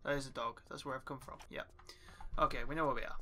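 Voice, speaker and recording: A man's voice: medium pitch, steady tone, fast, creaky, pushed and bright, slight background noise. Chatty swearing man gaming. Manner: chatty, swears often, talks to himself while playing. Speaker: gaming YouTuber. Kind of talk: casual let's play commentary.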